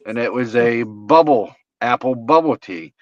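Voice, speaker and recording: A man's voice: mid-range voice, lively intonation, measured pace, no room sound. Male co-host, easygoing storyteller who swears freely; dull, close recording. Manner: laid-back, swearing, amused. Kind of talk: profane casual storytelling. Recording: slightly muffled, dry.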